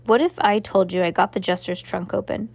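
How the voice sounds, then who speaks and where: A woman's voice: medium pitch, steady tone, a little fast, creaky, darkish tone, dry recording. A woman reading aloud, voicing a worried, secretive young girl in an earnest tone in a storybook.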